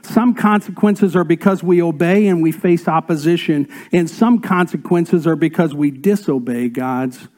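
A man delivers a sermon in a warm, mellow voice that sits a little high for a man. He swings from raised, emphatic passages down to soft, almost whispered asides, and he reads scripture aloud with feeling. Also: normal speed, few pauses. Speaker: pastor.

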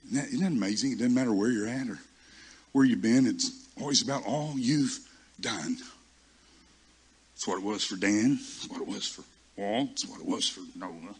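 Husky male preacher telling stories. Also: on the low side. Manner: storytelling, self-mocking, halting restarts. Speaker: pastor. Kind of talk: sermon with personal stories.

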